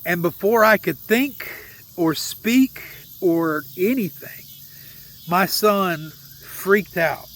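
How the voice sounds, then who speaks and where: A man's voice: sits high, drawn-out words, a bit bright. A man telling a personal faith story in an earnest, heartfelt and emotional way. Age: adult with a young son. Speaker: vlogger sharing a faith testimony.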